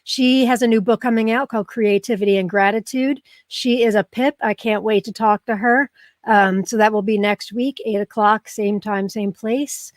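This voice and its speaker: A woman's voice: medium pitch, fairly even intonation, moderate pace, dry recording, studio quality. A middle-aged woman hosting a live online show, chatting casually and emotionally with her viewers. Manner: warm, effusive, emotional, chatty with many ums. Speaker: livestream show host. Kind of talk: casual live broadcast chat.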